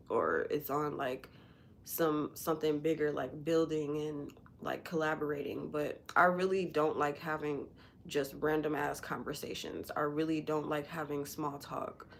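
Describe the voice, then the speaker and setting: A woman's voice: deep voice, fairly bright tone. A woman hosting a casual livestream, talking candidly and bluntly in a rambling way with lots of fillers, sounding emotional after recent crying. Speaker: livestream host.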